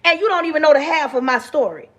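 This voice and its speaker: Woman going off on a live stream, high sharp voice, preachy, keeps calling folks baby. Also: lively intonation, fast talker. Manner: preachy, emphatic, calls listeners baby; raises her voice, talks with her hands. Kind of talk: passionate motivational rant.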